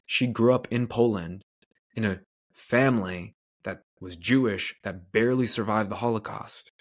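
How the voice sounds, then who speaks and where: Male podcast host from Canada, lower voice, earnest confessional storyteller. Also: moderate pace. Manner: earnest, candid, loose with "like" fillers. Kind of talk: personal storytelling monologue.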